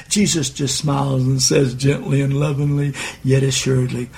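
Husky-voiced man leading a devotional meditation. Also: medium pitch, level tone, moderate pace, hardly any pauses, a little mellow. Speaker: meditation leader.

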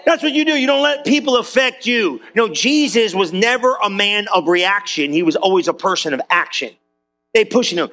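Sitting high in pitch, this pastor's voice is brisk and sharp, with lively intonation. He preaches in church, chatting with his congregation like a friend while pushing them on with repeated calls for applause and amens.

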